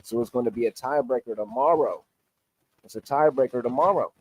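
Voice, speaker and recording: A man's voice: medium pitch, a little fast. A man recapping an online debate on a livestream, emphatic and argumentative while he walks through sources on screen.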